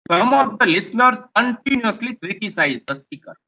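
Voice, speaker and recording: A man's voice: sits high, sing-song, moderate pace, bright, forceful tone, dull audio. A man with an Indian English accent giving a classroom lecture, explaining points and repeating them. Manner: repetitive, explanatory, rephrases points.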